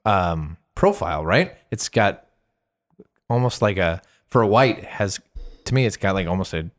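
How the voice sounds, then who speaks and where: Male podcast co-host, hesitant, hunts for words, swooping pitch. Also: big pitch swings, moderate pace. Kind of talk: casual chat.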